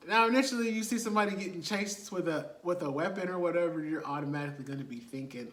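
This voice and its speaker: A man's voice: high-pitched, quick pace, few pauses, a bit bright, echoey room. A man, casually retelling a movie plot with laughs and rhetorical asides. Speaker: movie reviewer.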